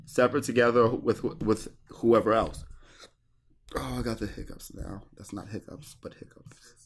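A man's voice: fairly low pitch, steady tone. A man hosting a podcast, recapping wrestling in rambling casual chat full of restarts. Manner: rambling, stumbling restarts, quick to laugh.

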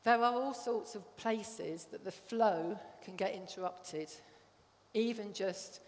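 A woman gives a friendly, conversational sermon, regularly asking the congregation if they follow. Her voice sits at an ordinary middle pitch. It rings out with a long reverb, as if recorded in a large church hall. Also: slow pace. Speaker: church speaker.

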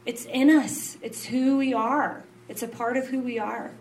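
A woman's voice: steady tone, unhurried, slight background noise. Earnest woman preaching, heard from a distance. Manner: earnest, confessional, mixes quiet lows with emphatic rises. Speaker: pastor's wife. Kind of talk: sermon.

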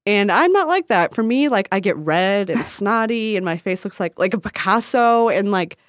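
A woman co-hosting a casual advice podcast, chatty and animated, often laughing and acting out quotes. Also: mid-range voice, normal speed, no room sound, studio quality. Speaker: podcast co-host.

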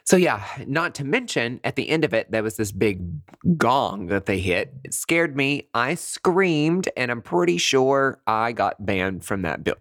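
A man, a nurse, telling a personal story in a casual, animated way, often laughing and acting out his reactions. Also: mid-range voice, measured pace, no echo, clean studio sound. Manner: breaks into giggles mid-sentence.

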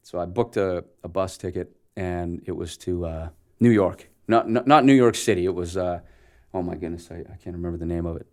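A man from Canada in his forties speaks in a low, deep voice. He tells a story in a casual interview and acts out the dialogue with plenty of energy, laughing now and then. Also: fairly quick, a little mellow. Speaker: actor guest.

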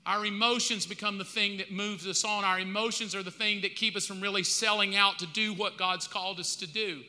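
A man's voice: high voice, steady tone, fairly quick, bright, forceful tone. A man from the United States preaching a sermon as pastor, in a casual, colloquial way with slang asides. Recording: long reverb of a large hall.

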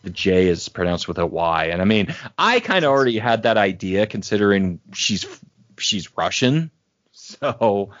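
A man's voice: lowish voice, lively intonation, normal speed, fairly bright tone, no room sound. A man co-hosting a podcast, telling rambling stories with many fillers in casual chat. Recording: dry, dull lo-fi sound.

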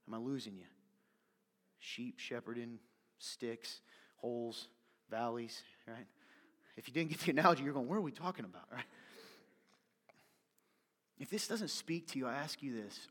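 A man preaching a sermon as pastor, fired up and yelling at times, then dropping to soft, confiding asides. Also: mid-range voice, expressive, normal speed, long pauses, long reverb tail.

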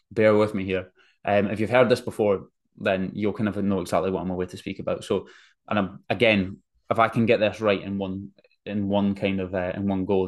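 A man hosting a podcast, telling a story in a casual, rambling monologue and correcting himself as he goes. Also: lowish voice. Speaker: podcast host.

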